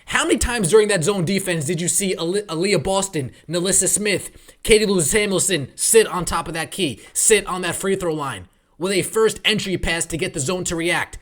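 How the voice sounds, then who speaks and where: A man's voice: high-pitched, normal speed, fairly bright tone. Fired-up, profane male sports podcaster. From New York tri-state area. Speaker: podcast host. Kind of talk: ranting sports commentary.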